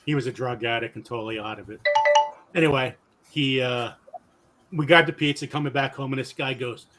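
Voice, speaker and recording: A man in his fifties who tells stories in an animated, casual way, laughing often and acting out the voices of the people in them. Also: medium pitch, moderate pace, noisy background. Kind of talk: casual storytelling.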